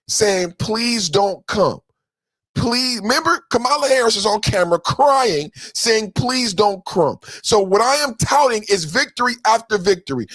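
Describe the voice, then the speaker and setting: A man's voice: high-pitched, a bit bright, no room sound. A man hosting a podcast, delivering an emphatic political commentary rant with taunting, sing-song jabs. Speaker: podcast host.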